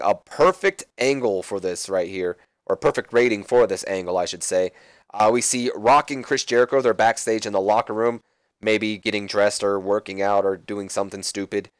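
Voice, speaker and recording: A man's voice: lowish voice, no echo. Man rambling through game commentary. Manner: rambling, offhand. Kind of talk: casual gameplay commentary.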